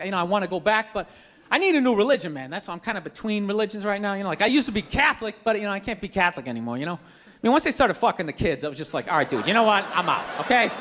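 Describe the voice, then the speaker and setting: A man doing a stand-up routine on a comedy club stage, ranting loudly and exasperatedly with plenty of profanity. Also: sits high. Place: comedy club stage before a live audience. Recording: live stage recording with crowd laughter and noise.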